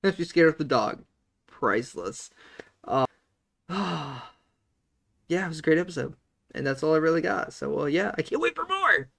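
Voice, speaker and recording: A man reacting to an anime episode in relaxed, chuckling chat. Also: on the high side, moderate pace, creaky, pauses often. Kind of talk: casual chat.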